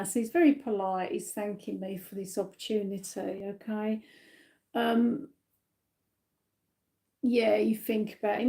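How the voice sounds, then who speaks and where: Gentle British psychic, mellow voice. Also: female voice, fairly high pitch. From United Kingdom. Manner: gentle, reassuring, many fillers and tag questions. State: a little tired. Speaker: psychic medium. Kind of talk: live-stream reading.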